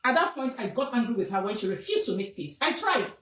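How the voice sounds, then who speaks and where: A woman's voice: a little high, very animated, fast, fairly bright tone, far from the mic. Insistent Nigerian woman in an echoey room. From southwest Nigeria. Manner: scolding, insistent, repeats phrases for emphasis. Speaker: traditional king's advisor. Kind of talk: emphatic personal statement to camera.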